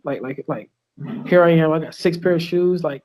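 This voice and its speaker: High-voiced profane fighter, rambling. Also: male voice, moderate pace, a little mellow. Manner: rambling, profane, many fillers and restarts. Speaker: UFC fighter guest. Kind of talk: casual podcast interview. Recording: online call with lag.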